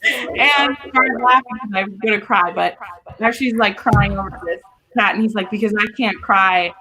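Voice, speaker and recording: A woman's voice: medium pitch, moderate pace, sharp tone. Woman host, live book-chat show, enthusiastic, laughs a lot, speaks from a video call.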